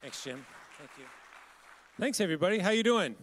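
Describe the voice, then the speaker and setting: A man's voice: high voice, animated, fairly quick, crowd noise, background noise. A man giving a storytelling talk as guest speaker, conversational and asking the audience questions. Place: large hall. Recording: hall reverb.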